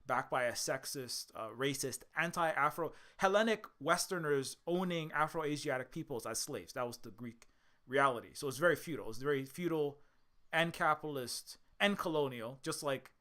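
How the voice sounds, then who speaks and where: Bright-voiced man ranting sarcastically. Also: a little high, moderate pace. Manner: sarcastic rhetorical questions, rambling with restarts. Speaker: video essayist. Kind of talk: ranting commentary monologue.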